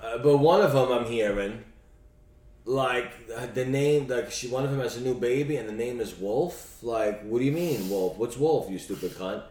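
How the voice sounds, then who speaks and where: A man's voice: medium pitch, moderate pace, darkish tone, roomy sound, recorded from a distance. A man from New York with a New York accent, co-hosting a podcast in crude casual chat, profane and mocking as he rants. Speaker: podcast co-host.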